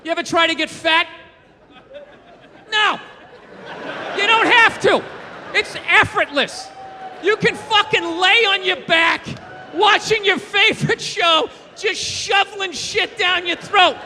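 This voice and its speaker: A man doing a stand-up routine on stage, ranting and shouting with lots of profanity. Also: extremely high pitch, slow, pauses often, long reverb tail. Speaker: stand-up comedian. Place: comedy stage with live audience. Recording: live crowd audio with noise.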